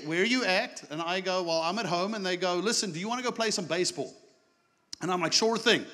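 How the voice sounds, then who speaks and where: A pastor delivers a sermon in a bright, fairly high voice, telling a story in an animated way that climbs into excited shouts. The sound rings with the long echo of a church hall. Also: male voice. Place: church sanctuary.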